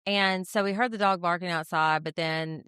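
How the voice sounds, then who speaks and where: A middle-aged woman with a lowish, smooth, clear voice tells funny real estate stories in a relaxed podcast chat. She is lively and laughs at her own mishaps. The sound is close and dry. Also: moderate pace, no echo. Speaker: realtor and podcast co-host. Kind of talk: casual chat, telling anecdotes.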